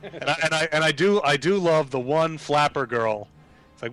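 A man's voice: fairly high pitch, normal speed, dry recording. A man from New York joking and laughing through a casual movie commentary. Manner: animated, jokey, laughs a lot.

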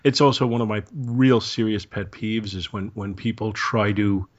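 A man co-hosting a podcast, making measured arguments in casual chat. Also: lowish voice. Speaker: podcast co-host. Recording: slightly muffled lo-fi audio.

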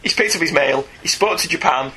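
On a roughly recorded comics podcast, the male co-host speaks in a fairly high pitch. He is enthusiastic and animated, laughing quickly through the casual chat.

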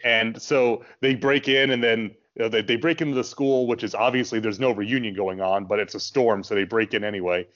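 A man co-hosting a podcast, chatting casually about films and working through his points out loud. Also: lowish voice, fairly even intonation, fairly quick, few pauses, highs cut off. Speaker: podcast co-host. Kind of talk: casual film discussion.

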